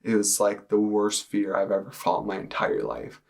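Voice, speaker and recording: A young man telling his personal testimony in earnest, halting speech with many fillers. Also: fairly low pitch, expressive, vocal fry, darkish tone. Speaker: testimony speaker.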